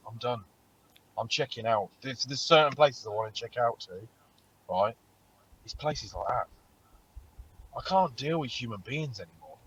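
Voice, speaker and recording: Animated sweary man. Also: mid-range voice, moderate pace, long pauses, lo-fi sound, a little hiss or hum. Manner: animated storytelling, heavy swearing. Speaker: podcast co-host. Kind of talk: casual chat.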